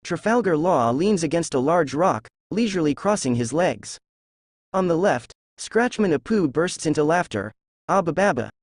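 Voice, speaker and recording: A man narrating a fan novel aloud in a steady reading voice. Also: fairly high pitch, moderate pace, dry recording, clean studio sound. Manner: steady reading, reads characters' lines in the same voice.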